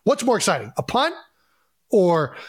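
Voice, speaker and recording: Husky-voiced man, animated football talk. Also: sits high, moderate pace, dry recording, clean studio sound. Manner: animated, emphatic, rhetorical questions. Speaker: podcast co-host, football player. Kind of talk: casual sports chat.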